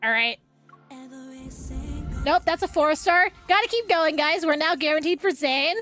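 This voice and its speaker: A young woman streamer reacting out loud as she pulls on a game banner, groaning and cheering at the results. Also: sits high, animated, measured pace, soft background music. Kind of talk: live gacha game stream.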